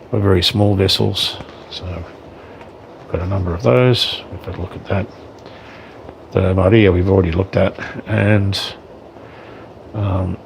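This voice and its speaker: With a deep, gravelly voice and a noisy background, a male wargaming hobbyist gives loose unboxing commentary on his miniatures. He hesitates a lot, with many ums and corrections.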